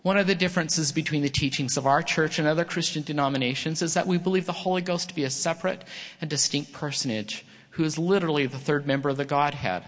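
A man's voice: a little high, fast talker. A middle-aged man giving an earnest prepared sermon talk in a church chapel, reading with small slips. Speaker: church speaker. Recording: long reverb of a large hall.

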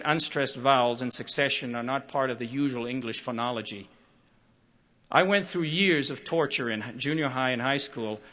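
An older man giving a prepared public talk, measured and expressive, acting out quoted voices as he tells stories. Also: medium pitch.

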